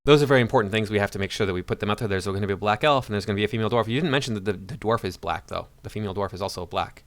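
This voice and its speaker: Man, reaction commentator, sarcastic, indignant, rapid-fire, dry. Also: fairly low pitch, no room sound. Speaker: YouTube commentator.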